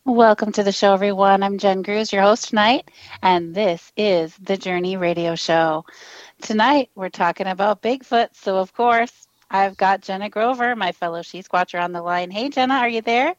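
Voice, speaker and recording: A woman's voice: mid-range voice, normal speed, dry recording, muffled recording. A woman hosting a casual radio talk show, bubbly and laughing often, chatting with callers.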